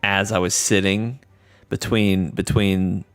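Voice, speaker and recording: A young man co-hosting a gaming livestream, telling animated stories and teasing his friends. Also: low-pitched, takes it slowly, faint music behind. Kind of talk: casual gaming chat.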